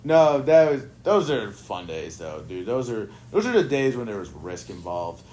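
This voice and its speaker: A man's voice: on the low side, big pitch swings, normal speed, a little mellow. A man hosting a podcast, laid-back and laughing often while swearing casually. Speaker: podcast host. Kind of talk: casual chat.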